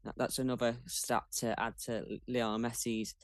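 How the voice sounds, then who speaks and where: A man talking football as a guest on a casual chat show, measured and thoughtful. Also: mid-range voice, level tone, no echo. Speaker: guest pundit.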